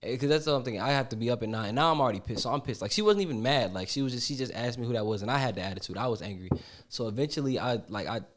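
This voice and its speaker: A man's voice: mid-range voice, expressive, rapid-fire. A young man co-hosting a podcast, telling his side of a story in candid, slangy casual chat. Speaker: podcast co-host.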